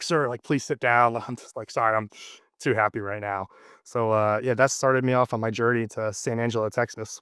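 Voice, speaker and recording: A man's voice: mid-range voice, fairly bright tone, clear, resonant tone, no room sound, studio quality. Man telling his story, loose and chatty. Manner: rambling, lots of fillers and restarts. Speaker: interview guest. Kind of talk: casual storytelling interview.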